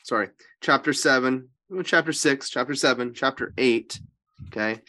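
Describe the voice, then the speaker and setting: A man in the role of a priest giving a relaxed scripture lesson, his pitch sitting in an ordinary middle range. He presses his points hard and keeps checking with his listeners for agreement. He often stops partway through a sentence to correct himself or start again. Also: moderate pace. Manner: emphatic, often checks in with "right?" and "okay?". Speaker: priest leading a Bible study. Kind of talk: informal scripture teaching.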